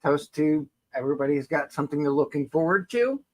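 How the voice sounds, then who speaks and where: A man's voice: a little high, lively intonation, a little fast, low-quality recording. A man co-hosting a casual podcast, easygoing and a little hesitant with fillers. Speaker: podcast co-host. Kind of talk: casual chat.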